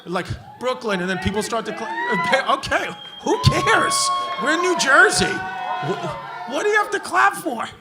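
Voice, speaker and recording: A man with a New York accent doing brash, profane stand-up crowd work, roasting hecklers and often shouting. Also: very high-pitched, big pitch swings, moderate pace, very noisy. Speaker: stand-up comedian. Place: comedy club stage with a laughing crowd. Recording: live club audio with crowd laughter.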